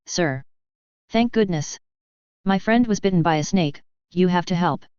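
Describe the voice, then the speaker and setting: A woman voicing a cultured, scheming teenage male wizard ghost who is smooth and coldly threatening. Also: fairly low pitch, measured pace, darkish tone, dry recording, close to an everyday voice. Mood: pleading. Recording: dull lo-fi recording.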